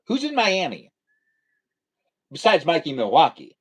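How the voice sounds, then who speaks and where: Young guy rambling on his live stream, kinda high voice that bounces all over, goofy squeals now and then. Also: big pitch swings, takes it slowly, long pauses, breathy edge. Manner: rambling, playful, jumps between topics; breaks into high squealing calls. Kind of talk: casual live-stream chat. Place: home studio near a garage.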